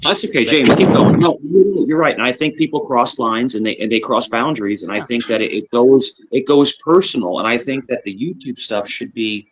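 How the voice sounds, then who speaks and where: A man's voice: mid-range voice, normal speed, few pauses, rough recording. Man asking probing questions. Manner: probing questions, restarts and repeats. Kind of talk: casual live stream chat.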